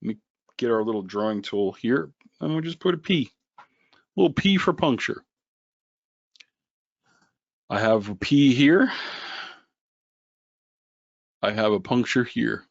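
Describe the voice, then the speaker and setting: Slow-talking male webinar host. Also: on the low side, creaky, no echo. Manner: joking, animated, talks to viewers by name. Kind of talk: live webinar teaching. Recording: dull lo-fi webinar audio.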